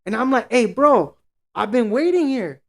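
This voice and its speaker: A man's voice: extremely high pitch, lively intonation, normal speed, a bit bright. A man co-hosting a podcast, telling a story in casual, profane slang and acting out what everyone said. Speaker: podcast co-host.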